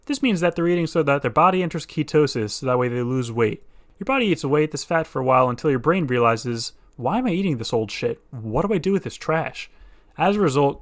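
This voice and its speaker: A man narrates a scripted comedy video in a slightly high voice. He delivers crude jokes with sarcastic, deadpan asides.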